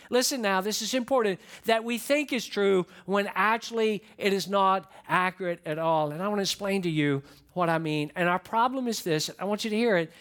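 An earnest male pastor preaching to his congregation in a fairly high voice. He speaks directly to his listeners and circles back to repeat his main points for emphasis. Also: a bit bright. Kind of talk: sermon.

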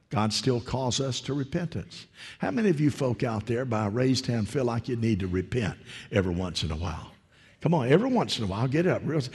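Male preacher, husky, mid-pitched; hushed asides build to loud rising sermon peaks. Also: big-room sound. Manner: swings from hushed whispers to loud rising exclamations.

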